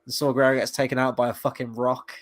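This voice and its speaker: A man's voice: medium pitch, flat delivery, quick pace. A man hosting a casual show review, rambling with lots of fillers and the odd swear word. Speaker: podcast host.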